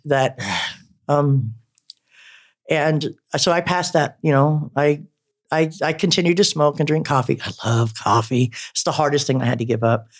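A man telling his own story in a loose, rambling way, full of fillers, false starts and self-mocking asides. He speaks candidly at an ordinary middle pitch. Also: gravelly. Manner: rambling, halting, with many fillers. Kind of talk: personal storytelling.

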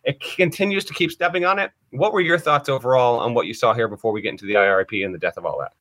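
A man with a bright, forceful voice reads out news items and then weighs in with skeptical remarks. He talks in a casual podcast manner at an ordinary pitch. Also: fast. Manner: reads statements aloud, then comments skeptically. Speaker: podcast co-host. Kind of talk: casual sports chat.

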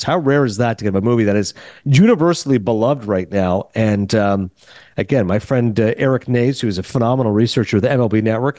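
Fast-talking man hosting a podcast. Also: mid-range voice, no room sound. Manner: rambling, animated anecdote with quoted dialogue. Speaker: podcast host. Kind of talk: casual storytelling chat.

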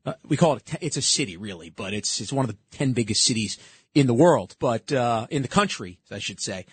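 A man's voice: medium pitch, animated, fairly quick, husky, no room sound. A man hosting a talk show, commenting sarcastically on played clips and often cutting in.

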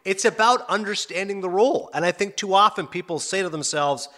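A man's voice: sits high, brisk. A middle-aged male sports broadcaster in casual interview chat, telling stories with laughs and acted-out quotes. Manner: animated storyteller, laughs often, acts out quotes. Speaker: sports broadcaster and podcast host.

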